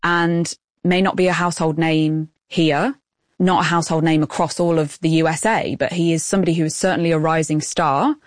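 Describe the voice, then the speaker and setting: Low-voiced woman reporting. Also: steady tone, a little fast, no room sound, studio quality. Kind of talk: radio news report with field interviews.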